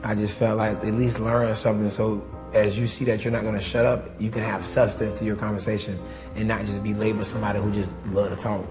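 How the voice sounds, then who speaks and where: A man's voice: lowish voice, little pitch movement, quick pace, over music. A man co-hosting a community podcast, talking in a thoughtful, matter-of-fact way. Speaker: podcast co-host. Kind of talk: casual interview talk.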